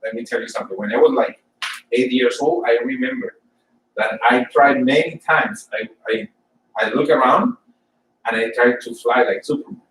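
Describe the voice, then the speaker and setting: A man from Colombia, giving an informal sermon and personal testimony for a church service, halting and often repeating words as he tells his story. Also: mid-range voice, a bit bright, echoey room, far from the mic, slight background noise, poor audio. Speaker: church speaker.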